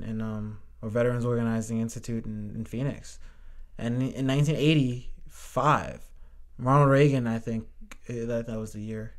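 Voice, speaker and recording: A male podcast guest talks in a loose, conversational way, with a medium-pitched voice. His speech is packed with "like" and casual swearing, and he often rises in pitch and volume as he gets animated. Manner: animated, heavy use of "like", swears freely. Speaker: guest, Air Force veteran.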